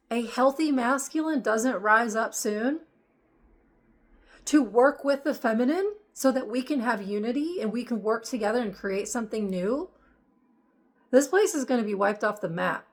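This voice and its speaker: Woman, higher voice, emphatic preaching monologue, repetitive, fervent spiritual host. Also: normal speed.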